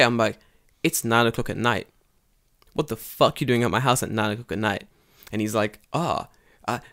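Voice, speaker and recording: A man's voice: on the low side, brisk. Swearing man telling stories. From England. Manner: swears a lot, animated storytelling with put-on quoted voices. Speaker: podcast co-host. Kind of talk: casual chat.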